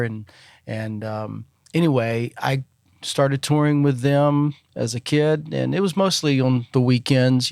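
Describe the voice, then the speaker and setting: Middle-aged musician guest, easygoing anecdotes, dry room. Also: male voice, medium pitch, no echo. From Alabama, US. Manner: relaxed storytelling with many fillers. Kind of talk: casual interview chat.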